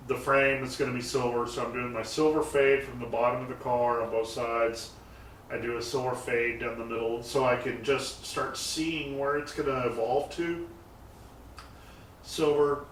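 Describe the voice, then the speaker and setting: A man chatting about custom car builds, rambling through his stories with frequent fillers and restarts. He is recorded from a distance in a roomy, echoey garage. A faint hiss sits under his voice. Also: mid-range voice. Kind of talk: casual interview talk. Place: garage shop. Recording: roomy echo, mic set far off, faint noise.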